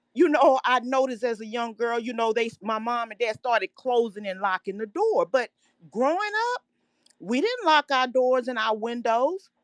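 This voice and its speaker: A woman on a call-in line, her voice pitched fairly high and sounding close and dry with no room around it. She reminisces loosely, circling back with frequent "you know"s as she talks. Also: dry recording. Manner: rambling, reminiscing, many "you know" fillers. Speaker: caller. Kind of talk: casual call-in conversation.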